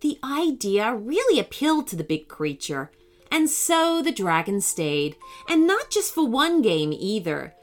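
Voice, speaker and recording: A woman narrating a scripted children's story in an expressive, animated storytelling manner. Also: on the high side, unhurried, soft background music.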